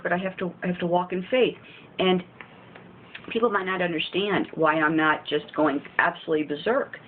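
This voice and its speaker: A woman giving informal spiritual encouragement, earnest and repetitive, often pleading. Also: medium pitch. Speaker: faith video host. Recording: tinny phone-like audio with faint hiss.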